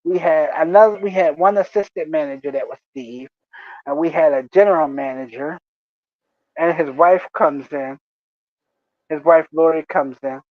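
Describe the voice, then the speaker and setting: A man casually telling stories about his old fast-food job, animated and laughing often. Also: a little high, no room sound, highs cut off. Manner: animated, laughs often, acts out coworkers' voices. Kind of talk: casual storytelling chat.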